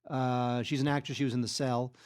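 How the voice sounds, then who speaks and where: A man co-hosting a film podcast, reviewing movies in casual chat and filling his pauses with plenty of ums and uhs. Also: medium pitch, flat delivery, a little mellow, clear, resonant tone. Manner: hesitant, many ums and uhs between thoughts. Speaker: film critic podcast co-host.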